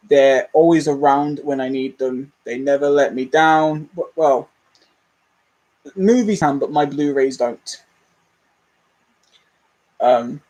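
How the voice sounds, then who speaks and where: A man's voice: on the high side, darkish tone, poor audio. A young man, rambling candidly and self-deprecatingly as a movie channel host in a casual livestream chat.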